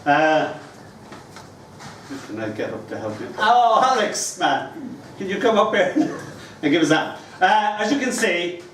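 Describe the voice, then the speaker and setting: An older Irish man performs his poems live, and between verses he slips into playful, teasing banter. His voice sits a touch high for a man. He is caught from some way off the mic, in a very echoey room with faint noise behind him. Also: very animated, unhurried, pauses often, a bit bright, distant mic. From Ireland. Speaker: poet. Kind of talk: live poetry reading.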